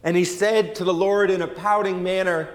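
A man's voice: high-pitched, fairly even intonation, moderate pace, big-room sound. A man preaching a sermon in a folksy, conversational storytelling way, with many fillers and restarts. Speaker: pastor.

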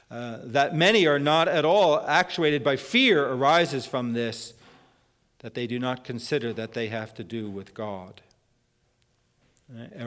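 Middle-aged man preaching in a reverberant hall. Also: mid-range voice. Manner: conversational preaching, quotes scripture, frequent fillers. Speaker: pastor. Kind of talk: sermon.

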